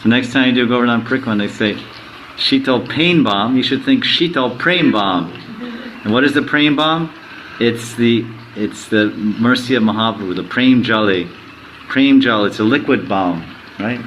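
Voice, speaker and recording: A man's voice: medium pitch, fairly bright tone, a little hiss or hum, low-quality recording. Man giving a question-led sermon. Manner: asks the audience questions, slowly recites verses. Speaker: spiritual teacher.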